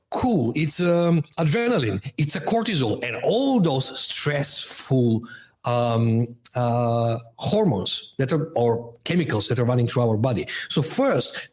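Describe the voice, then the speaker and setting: Husky-voiced man coaching with emphasis. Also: medium pitch, sing-song, a little slow. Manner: emphatic, explains with metaphors, non-native phrasing. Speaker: guest, transformation coach. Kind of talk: podcast interview.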